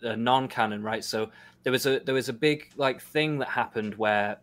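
A man in a casual stream chat, explaining at length in a measured way, with frequent "like". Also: mid-range voice, fairly bright tone. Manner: measured, explanatory, uses "like" often.

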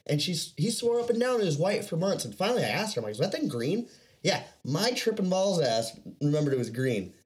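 A young man tells rambling, profane stories in a casual chat. His voice sits a little high and swings widely in pitch, and he often breaks into laughter. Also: big pitch swings, a little fast.

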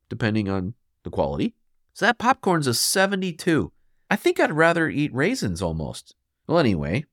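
On his solo health podcast, a male host with a higher, somewhat bright voice speaks emphatically and chides the listener. Now and then he imitates what people think in quoted asides, and the studio recording is clean with no room sound.

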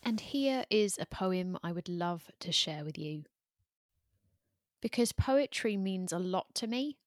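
Brief: woman host, unhurried poetry reading, dry close sound. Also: on the low side, animated, no echo. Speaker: podcast host. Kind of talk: slow, measured poetry reading.

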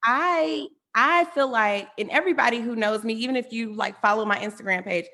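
A woman in casual podcast chat, supportive, adding quick affirmations. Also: a little high, a crowd in the background. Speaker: co-host.

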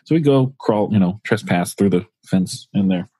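Husky-voiced man telling a rambling story. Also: on the low side, expressive, moderate pace, warm tone, dry recording. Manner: rambling, profane, full of fillers. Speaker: podcast co-host. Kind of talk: casual storytelling.

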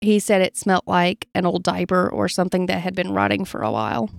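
Woman calmly reading spooky stories. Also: lowish voice, fairly quick, vocal fry, no room sound, clean studio sound. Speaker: podcast co-host telling stories. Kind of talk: casual storytelling podcast.

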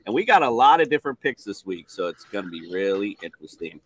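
Lively man hosting a sports picks show. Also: fairly low pitch, fast. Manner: animated, playful, reads stats then asks panel. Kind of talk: upbeat show hosting, calling on panelists.

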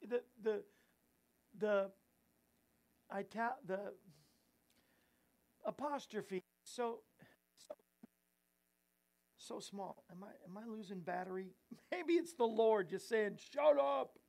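A man's voice: high voice, expressive, takes it slowly, pauses often, darkish tone. A man hosting a Christian talk show, rambling and giggling at himself, then preaching earnestly. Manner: rambling, giggly, self-mocking; preachy exhortation. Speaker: host and evangelist.

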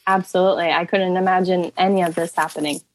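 A woman's voice: lowish voice, steady tone, fast talker, dry recording, low-quality recording. A woman, a therapy business owner, speaking as a podcast guest in a friendly, upbeat, conversational way. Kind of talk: casual interview chat.

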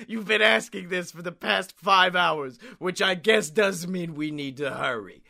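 Rambling comedy podcaster, bright and cutting tone, swears constantly. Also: mid-range voice, measured pace, gravelly. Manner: rambling, profane, excitable. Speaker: podcast host and storyteller. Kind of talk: improvised comedy storytelling.

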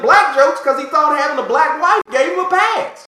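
Animated, high-pitched ranting man. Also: normal speed, hardly any pauses. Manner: profane, animated ranting with mocking asides. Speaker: podcast co-host. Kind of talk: casual chat. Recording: echoey room.

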